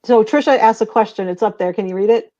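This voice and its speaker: A woman hosting an online interview, conversational and brisk as she moves the talk along. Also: mid-range voice, warm tone, dull audio. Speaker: host.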